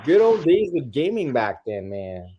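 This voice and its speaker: A man's voice: medium pitch, sing-song, unhurried, lo-fi sound, crowd noise. A man co-hosting a casual gaming podcast, laid-back and nostalgic. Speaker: podcast co-host.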